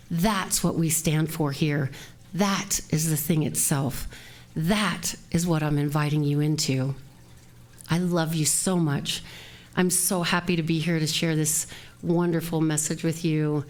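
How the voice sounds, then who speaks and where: A woman's voice: deep voice, fairly even intonation, measured pace, darkish tone. Earnest woman minister giving a sermon. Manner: heartfelt, earnest and direct. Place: spiritual center sanctuary, recorded live.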